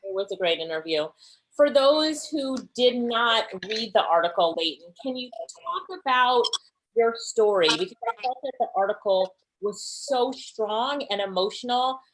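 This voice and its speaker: A woman's voice: on the high side, lively intonation, normal speed, a little hiss or hum, low-quality recording. A woman hosting an interview, asking questions in an upbeat, encouraging way. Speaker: interviewer and company head. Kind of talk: friendly interview.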